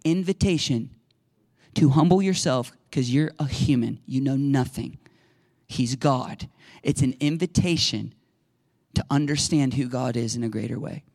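A middle-aged male pastor preaching a conversational sermon that swings into loud, excited shouting. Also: medium pitch, a little slow, no room sound.

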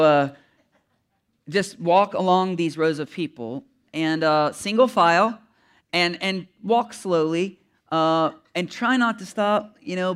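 A male pastor speaking casually to his congregation, rambling through instructions with plenty of ums and restarts. His voice sits a little higher than most men's. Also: fairly bright tone, smooth. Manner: rambling, conversational, with many fillers.

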